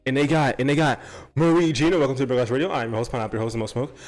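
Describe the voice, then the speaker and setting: A man hosting his own show, rambling while high, repeating and tripping over his words and swearing often. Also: steady tone, very fast, a little mellow, faint music behind. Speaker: podcast host. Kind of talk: rambling stoned brainstorm.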